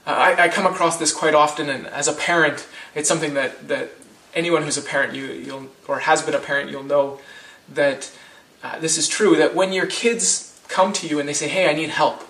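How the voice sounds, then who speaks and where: A man's voice: a little high, steady tone, normal speed, sharp tone, reverberant, recorded from a distance. A man in his thirties preaching a sermon as pastor, conversational, with frequent restarts and rhetorical questions.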